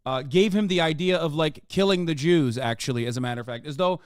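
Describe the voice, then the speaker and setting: A man's voice: on the high side, quick pace, smooth, dry recording, clean studio sound. A man hosting a live reaction stream, talking in a heated, profane, emphatic way. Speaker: streamer host.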